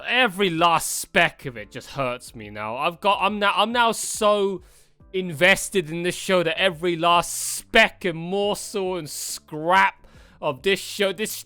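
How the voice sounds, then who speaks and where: Man, reaction streamer, rambling and cursing, choked up, bright crisp voice, somewhat high, dry sound. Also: no room sound. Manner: rambling, swears often, choked up and gushing. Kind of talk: emotional reaction commentary.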